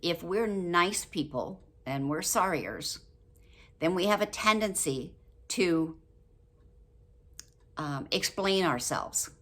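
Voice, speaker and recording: An older woman talking casually to camera about a book, chatty and quick to laugh, acting out example phrases. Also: lowish voice, expressive, fairly bright tone. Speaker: book review vlogger.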